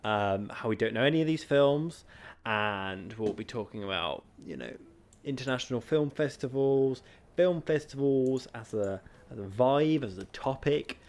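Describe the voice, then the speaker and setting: A man's voice: medium pitch, lively intonation, unhurried, few pauses, darkish tone. A young man from Britain co-hosting a casual film podcast, rambling with lots of filler words. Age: young adult. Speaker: podcast co-host. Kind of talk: casual chat.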